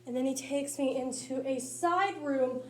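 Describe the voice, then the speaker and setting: A woman with a high voice delivers a comedic monologue in punchy, lively storytelling. The sound carries a roomy echo from the space she's in. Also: unhurried, a little hiss or hum. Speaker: speech tournament competitor.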